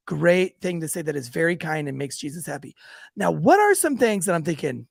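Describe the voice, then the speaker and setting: With a slightly high, creaky voice at normal speed, a police officer hosting a podcast sounds very animated in an echo-free, studio-quality recording. His casual storytelling is profane and full of laughter, and he plays out the people from his police work.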